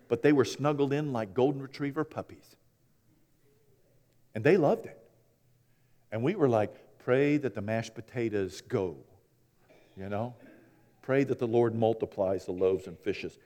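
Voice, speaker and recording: A man preaching a sermon, telling folksy stories and swinging between hushed and loud, animated delivery. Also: mid-range voice. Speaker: pastor. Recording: long hall reverb.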